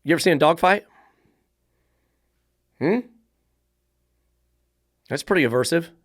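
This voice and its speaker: A man's voice: a little high, animated, measured pace, no echo, studio quality. Blunt, profane man. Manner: blunt, profane, fires rhetorical questions. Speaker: dog trainer, podcast host. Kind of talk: podcast monologue.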